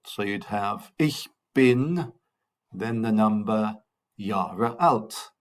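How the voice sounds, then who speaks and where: A man teaching German numbers in a recorded classroom lesson. He speaks in a fairly low voice and takes everything very slowly, repeating words for pupils. His asides to the class are cheerful and encouraging. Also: level tone. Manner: slow, patient drilling with repeated counting. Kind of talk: recorded language lesson for children.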